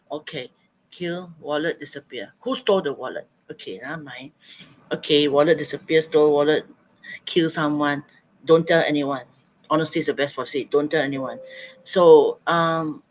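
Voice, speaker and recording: Man, teacher, online writing lesson, fairly high voice, coaxing, repeats students' answers aloud. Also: poor audio.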